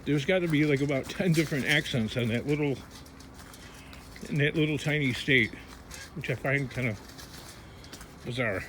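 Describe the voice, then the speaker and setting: A middle-aged man speaks at a moderate pace with a medium-pitched voice and long pauses, vlogging loosely as he handles items in a work space full of scrap. He wanders from topic to topic and talks to himself as he works, in a casual rambling monologue over steady background noise.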